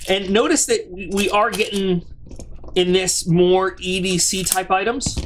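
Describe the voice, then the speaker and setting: Speaking to his viewers directly, a product reviewer and channel host rambles chattily through a casual unboxing, full of restarts and side remarks. His voice sits high, with slight background noise in the recording.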